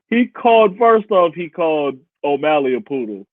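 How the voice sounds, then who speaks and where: Animated man, tinny and dry. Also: on the high side, moderate pace, dry recording. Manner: animated, profane, laughs often. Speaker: podcast co-host. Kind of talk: casual sports banter. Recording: tinny phone-like sound, dry.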